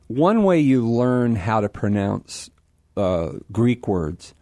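A man speaking as a guest on a radio show, explaining things in an animated, self-deprecating way. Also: fairly low pitch, takes it slowly, dry recording, clean studio sound. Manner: animated, explanatory, laughs at himself. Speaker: guest, apologist.

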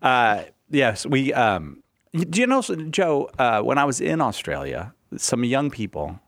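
A man's voice: medium pitch, big pitch swings, unhurried, a bit bright, dry recording, studio quality. A man from the United States hosting a live radio call-in show, joking and reading listener questions.

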